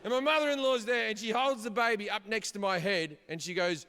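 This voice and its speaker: A man's voice: sits high, brisk, pushed and bright, smooth. A middle-aged man performing a stand-up set, telling stories in a brash, profane way. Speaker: stand-up comedian. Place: comedy stage before a live audience. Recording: live hall reverb, audience noise.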